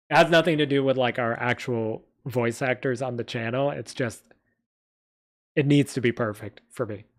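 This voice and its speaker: Rambling, hesitant male streamer. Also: medium pitch. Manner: rambling and hesitant, with many restarts and fillers. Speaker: streamer and fantasy writer. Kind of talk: casual live-stream chat.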